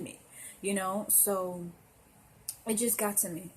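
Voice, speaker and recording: A woman's voice: mid-range voice, steady tone, slow, a little mellow, husky. A young woman telling a personal story to camera in a casual, emotional, rambling way, with lots of fillers and restarts. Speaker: vlogger.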